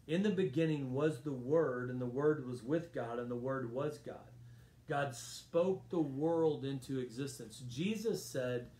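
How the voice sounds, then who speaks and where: A man's voice: on the high side, darkish tone, echoey room. A man preaching a sermon as a pastor, earnest and emphatic, often repeating his phrases. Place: church sanctuary.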